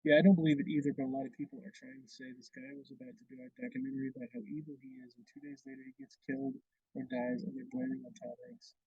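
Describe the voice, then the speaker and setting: A man's voice: medium pitch, big pitch swings, very fast, gravelly, dark tone, slightly rough, no room sound. A man hosting a casual livestream chat, rambling with frequent restarts. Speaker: livestream host. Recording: dull lo-fi stream audio.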